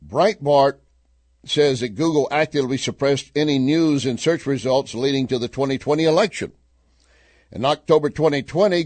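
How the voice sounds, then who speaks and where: A man's voice: medium pitch, no echo. A middle-aged man hosting a talk radio show, commenting on news and telling a joke with chuckling asides. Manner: animated storyteller, chuckling asides.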